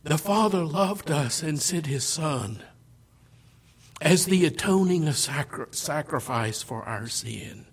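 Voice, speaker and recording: Male preacher, sermon, slow deliberate delivery, slightly high voice, loud peaks and hushed near-whispers. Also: lively intonation, breathy edge. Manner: dramatic, swings between loud declarations and hushed near-whispers.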